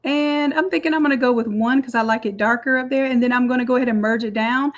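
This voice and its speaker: A woman walking through a design software tutorial step by step in a chatty, explaining way. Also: a little high, steady tone, fast talker. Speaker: design instructor. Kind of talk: screen-recorded software tutorial.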